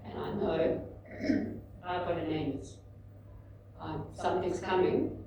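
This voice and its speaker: A woman in her fifties giving a candid, animated talk at a book launch, telling personal stories to an audience. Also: on the low side, slow pace, gravelly, a little hiss or hum. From South Africa. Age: 50s. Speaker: author and speaker. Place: large indoor event room. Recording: echoey hall, mic at a distance.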